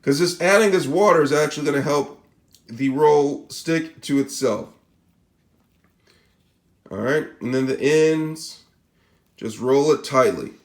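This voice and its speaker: A man with a Spanish accent and a voice on the high side gives a casual, step-by-step cooking demonstration as a cooking channel host. He speaks a little slowly, pauses often, and keeps checking in with "all right?" and "okay?", in an echoey room.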